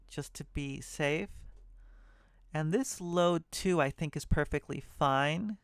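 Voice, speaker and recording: A man's voice: on the high side, creaky, smooth, no echo. A man teaching assembly programming in a screen-recorded walkthrough, thinking aloud and correcting himself as he goes. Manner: thinking aloud, self-correcting, muttering asides. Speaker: programming tutor.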